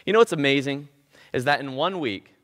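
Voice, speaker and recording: A man's voice: medium pitch, a little fast, a bit bright, big-room sound. A man preaching a sermon as pastor, impassioned and emphatic, repeating key phrases. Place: church sanctuary.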